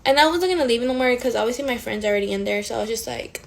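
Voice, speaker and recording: A woman in her twenties telling a storytime in a casual, animated way, swearing often and full of fillers. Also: a little high, very fast, gravelly, poor audio. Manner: profane, animated, frequent fillers.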